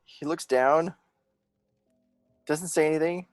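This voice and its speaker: A man narrating as game master of a tabletop game, often pausing and restarting as he searches for words. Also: fairly high pitch, smooth, no echo, faint music behind.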